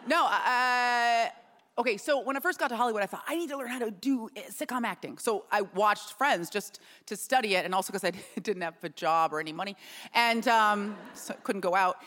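Woman, comedic guest, lively self-mocking storyteller, hall reverb on the voice. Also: mid-range voice, moderate pace. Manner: animated, self-mocking, jokey. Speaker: comedian and actor, show guest. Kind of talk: comic storytelling interview.

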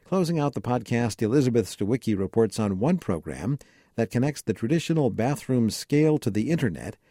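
A man presenting a news podcast, calmly introducing reports. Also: mid-range voice, brisk, no echo, clean studio sound. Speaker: podcast host.

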